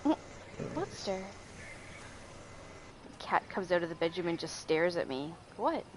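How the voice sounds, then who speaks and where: A woman's voice: on the low side, sing-song, a little slow, background noise. A woman streaming a game, playful, swears and laughs as she chats with teammates. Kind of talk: casual gaming chat.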